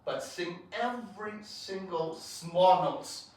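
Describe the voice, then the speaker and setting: A man teaching a piano masterclass, coaching a student with emphatic, halting phrases and frequent restarts. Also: sits high, animated, darkish tone, slight background noise. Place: piano studio room. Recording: roomy echo from far off. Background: piano playing.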